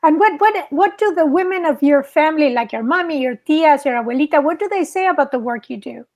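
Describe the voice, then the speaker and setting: A woman's voice: high-pitched, lively intonation, a little fast, darkish tone. A woman interviewing a guest in a casual conversation, giving short affirmations and using Spanish words in her questions.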